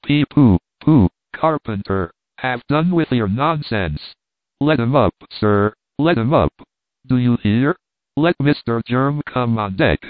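A fussy ship captain, put on by a male reader, sputters out his orders in quick, peevish bursts. He repeats himself whenever he gets flustered. The sound is narrow and tinny, with no room around it. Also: medium pitch, animated, no echo. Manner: pettish, fast, repeating himself. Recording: tinny phone-like dry sound.

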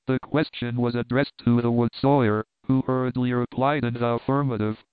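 A man narrating an audiobook in an even, measured reading. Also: mid-range voice, clear, resonant tone, no echo. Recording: tinny phone-like dry recording.

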